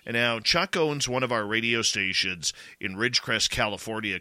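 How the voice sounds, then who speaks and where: A man's voice: on the low side, moderate pace, bright, forceful tone, dry recording. A man with a Canadian accent hosting a radio talk show, chatting casually in a rambling way with many restarts. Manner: rambling, full of restarts and "you know".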